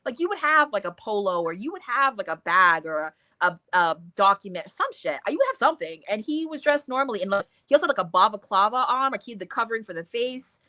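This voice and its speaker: A woman co-hosting a casual book discussion, talking in an animated way, swearing freely and acting out scenes in quotes. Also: medium pitch, fast, hardly any pauses, dry recording. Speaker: book club co-host.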